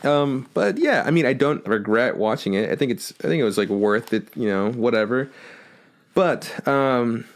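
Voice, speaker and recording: Animated swearing man recapping a movie. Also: mid-range voice, normal speed. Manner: animated, swears a lot, acts out characters in silly voices. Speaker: podcast co-host. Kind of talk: casual chat recapping a movie.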